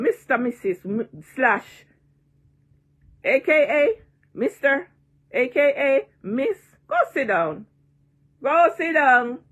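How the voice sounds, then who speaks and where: A woman's voice: sits high, a bit bright. A woman in her sixties with a Jamaican accent, ranting and taunting in a vlog, repeating her jeers and cursing freely. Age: 60s. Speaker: online personality.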